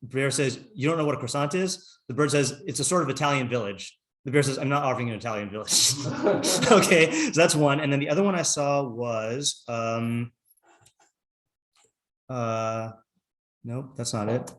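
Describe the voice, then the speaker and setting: A middle-aged man, a rabbi, teaching a casual class, chatty and quick to laugh, often breaking off mid-sentence. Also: medium pitch, fairly bright tone.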